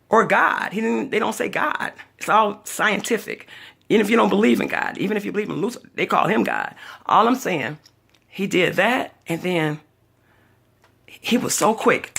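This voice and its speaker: An older woman with a gravelly, husky voice talks straight to the camera in a casual vlog. She tells her story with drama, swinging her pitch widely as she acts out everyone she quotes. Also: animated, fairly quick, a bit bright. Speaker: vlogger.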